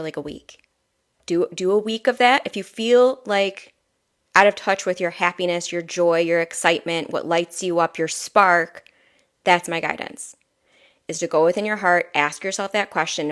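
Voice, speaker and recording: Soft-spoken woman giving a spiritual reading. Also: on the low side. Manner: soft, rambling, laughs often. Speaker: intuitive healer channeling a reading. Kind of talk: casual spiritual guidance talk.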